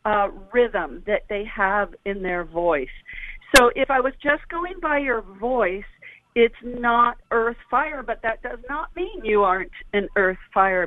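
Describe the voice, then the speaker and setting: A woman calling in as a guest, explaining things in a deliberate, unhurried way. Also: mid-range voice, no echo. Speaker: guest on a call-in show. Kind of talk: explaining on a phone-in. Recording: dry tinny phone line.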